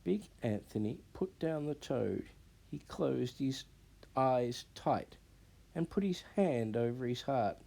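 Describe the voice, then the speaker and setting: A man reads a children's storybook aloud in a measured, expressive way. His pace is unhurried and his pitch rises and falls animatedly. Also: creaky.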